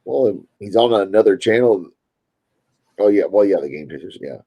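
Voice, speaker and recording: A man's voice: fairly low pitch, expressive, normal speed, warm tone, breathy edge. A man with a Louisville Kentucky accent, chatting casually and rambling to his stream viewers. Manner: rambling, chatty, self-interrupting.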